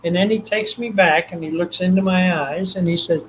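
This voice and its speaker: A man's voice: high voice, moderate pace, slight background noise, low-quality recording. Older Texan man telling a story. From Texas. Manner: animated, acts out quoted voices. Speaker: guest. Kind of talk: storytelling interview.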